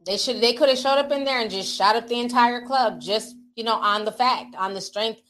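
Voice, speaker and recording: A middle-aged woman from the Midwest hosting a casual livestream, reading super chats in a playful, slangy, animated way and laughing often. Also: a little high, a little fast. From Minnesota.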